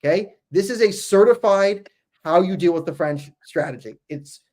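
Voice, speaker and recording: A man's voice: sits high, lively intonation, moderate pace, darkish tone. A man from Canada with a Canadian English accent, co-hosting a podcast in rambling, emphatic casual chat. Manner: rambling and emphatic, repeats himself. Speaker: podcast co-host.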